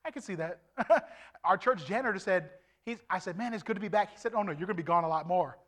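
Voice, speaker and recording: A middle-aged man preaching his testimony as an evangelist, animated and swinging from loud to hushed. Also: sits high, fast talker. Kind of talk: testimony sermon.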